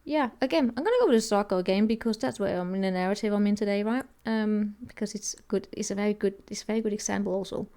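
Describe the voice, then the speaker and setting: A woman's voice: mid-range voice, fast talker, few pauses, dark tone. A woman giving a casual tarot reading, thinking aloud and rambling with many restarts. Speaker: tarot reader.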